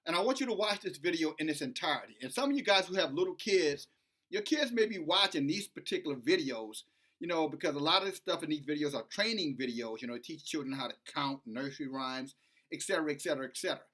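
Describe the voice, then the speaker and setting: Emphatic bright-voiced middle-aged man. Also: on the high side, lively intonation, fast talker. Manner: emphatic, repetitive, rising to heated. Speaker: online commentator. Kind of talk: preachy commentary vlog.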